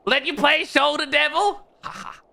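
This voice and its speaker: A man's voice: extremely high pitch, expressive, normal speed, gravelly, sharp tone. A man streaming a game, chatting playfully with viewers as he plays. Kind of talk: casual game stream chat.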